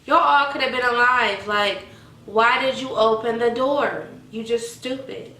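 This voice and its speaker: A woman's voice: a little high, unhurried, roomy sound, recorded from a distance, poor audio. A woman, chatting animatedly to her viewers in a casual commentary. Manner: animated, addresses viewers as y'all. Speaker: vlogger.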